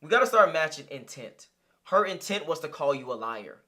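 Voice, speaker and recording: A young man reacting to a clip in blunt, profane, heated casual commentary. His voice is bright and forceful and sits a little high. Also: sing-song, moderate pace. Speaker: reaction streamer.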